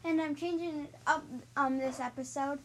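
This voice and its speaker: A woman reading a children's chapter book aloud, unhurried, with frequent ums and self-corrections. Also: high-pitched, steady tone, a bit bright, slight background noise. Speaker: storybook reader and podcast host.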